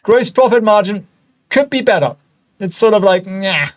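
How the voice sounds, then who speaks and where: Male stock-channel host with a German accent, high-ish voice, excitable and chatty, squeaky bursts on the exciting bits, whispered asides. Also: moderate pace. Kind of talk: screen-share stock analysis.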